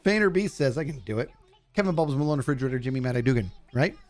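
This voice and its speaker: Lively goofy male game streamer. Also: very fast. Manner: goofy, talks to chat, jumps high in excitement. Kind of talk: live gameplay commentary.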